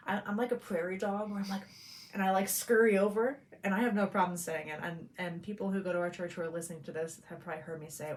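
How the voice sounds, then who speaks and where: A woman co-hosting a podcast who talks in a candid, chatty way and tells stories in an animated way. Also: fairly low pitch, fast. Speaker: podcast co-host. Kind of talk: casual chat.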